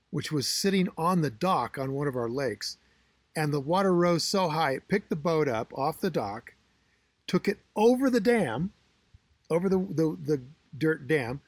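Chatty middle-aged male host who tells long, lively anecdotes, with a fairly high voice and a dry, close mic. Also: no room sound. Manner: rambling, animated storyteller. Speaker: podcast co-host. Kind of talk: casual chat.

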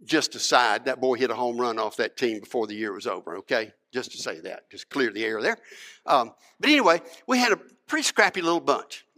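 A man's voice: mid-range voice, very animated, a little fast, pushed and bright. A middle-aged man, preaching a sermon in a folksy, conversational way with many asides and restarts. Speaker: pastor. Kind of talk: sermon with personal storytelling.

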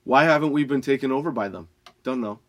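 A young adult man, high and laughing often, reading odd facts and ranting with a lot of swearing. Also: fast talker. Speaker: podcast host. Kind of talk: casual stoned rant.

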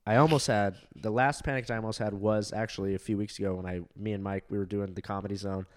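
A man's voice: lowish voice, fairly even intonation, fast. Rambling, laughing young man. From Southern California. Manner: rambling, laughing, heavy fillers and swearing. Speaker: comedian podcast co-host. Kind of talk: casual storytelling chat.

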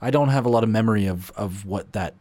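A young man co-hosting a podcast, talking in a relaxed, reflective way. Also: lowish voice, fast. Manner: relaxed, reflective, laughs often. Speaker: podcast co-host, former set carpenter. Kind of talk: casual chat.

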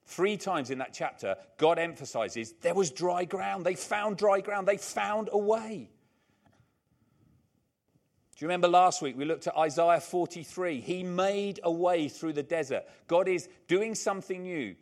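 A man's voice: high voice, lively intonation, a little slow. An older man preaching a sermon, emphatic and repeating his key lines, with chatty, humorous asides.

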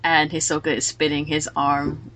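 A woman hosting a casual podcast, retelling scenes quickly and with animation. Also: low voice, little pitch movement, a bit bright, slight background noise. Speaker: podcast host.

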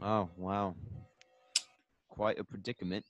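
Low, teasing podcast co-host, dull dry mic. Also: male voice, little pitch movement, slow, slight background noise. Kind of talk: casual chat.

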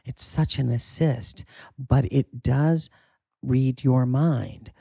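A man with a gravelly, husky voice and a dark, mellow tone speaks as an acting coach in a relaxed interview. He is candid and emphatic, now and then swearing for emphasis. The sound is dry and close. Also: medium pitch, slow pace, no echo. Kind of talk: casual interview talk.

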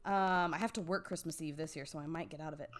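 A young adult woman on a casual movie-review podcast, telling an animated story full of fillers like "um" and "like" and frequent laughs. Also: sits low, fast. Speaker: podcast co-host.

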